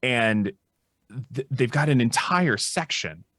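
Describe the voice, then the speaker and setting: A man's voice: mid-range voice, lively intonation, takes it slowly, a bit bright, no room sound, studio quality. A man co-hosting a casual panel discussion, thinking aloud in long sentences with frequent restarts. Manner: thoughtful, restarts often, lectures on history. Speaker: psychologist co-host.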